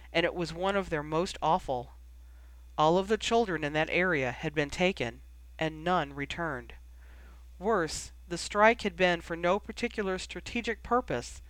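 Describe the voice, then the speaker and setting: A narrator reading a story aloud in a steady, even manner. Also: mid-range voice, dry recording, rough recording. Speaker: audiobook narrator. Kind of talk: scripted narration.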